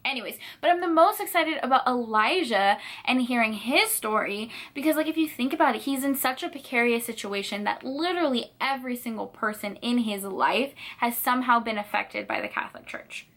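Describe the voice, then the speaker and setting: A woman's voice: a little high, fairly quick, hardly any pauses, fairly bright tone. A woman in her twenties chatting in a reading vlog, bubbly and gushing, with lots of fillers. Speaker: book vlogger.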